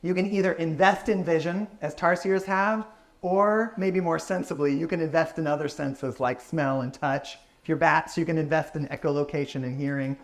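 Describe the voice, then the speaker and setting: A man's voice: a little high, fairly even intonation, moderate pace. A man giving a public science talk, answering audience questions in an enthusiastic, explanatory way.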